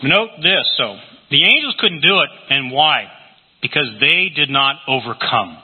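A man preaching a sermon, telling scripture stories with lively acted-out quotes in a husky voice. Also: medium pitch, a little slow. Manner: animated storytelling, acting out scripture quotes. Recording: tinny lo-fi recording in a reverberant hall.

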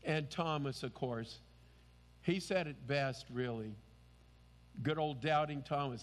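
A man's voice: a little high, big-room sound. A man preaching a sermon as pastor, earnest and emphatic.

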